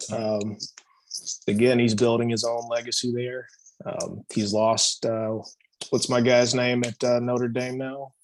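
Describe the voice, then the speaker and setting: A man's voice: mid-range voice, a little mellow, rough recording. A man from Ohio joins a podcast as a guest in casual sports chat. His voice sits in a middle range. He answers easygoing, with plenty of fillers along the way.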